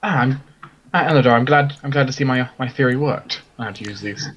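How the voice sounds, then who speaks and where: A man voicing an eager male alchemist who asks excited questions. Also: medium pitch, husky, lo-fi sound. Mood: musing. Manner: fast, excitable. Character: curious male bomb-carrying alchemist, eager.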